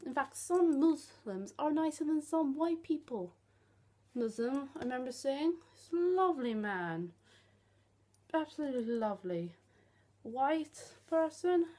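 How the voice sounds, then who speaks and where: A woman's voice: high voice, mellow. A young woman, ranting bluntly and sarcastically in a vlog, swearing freely. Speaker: vlogger.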